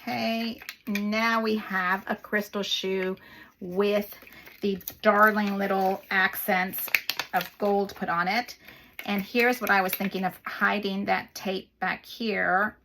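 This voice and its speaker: A woman's voice: medium pitch, level tone, slow pace, fairly bright tone, a little hiss or hum. A woman hosting a paper craft video, chatting casually as she works and gushing over the little details.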